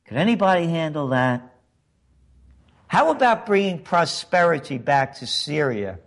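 Slow, sarcastic male commentary host. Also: on the high side, sing-song, creaky. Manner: sarcastic, emphatic, rhetorical questions. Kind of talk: political opinion monologue.

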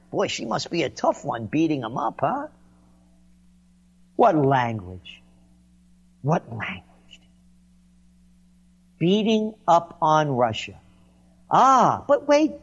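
A man on a sarcastic political rant, his voice sitting a little high and swooping all over the place. He sounds mocking and indignant, and the recording is dull and lo-fi. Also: wildly swooping pitch, slow, pauses often, slightly rough. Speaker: commentator.

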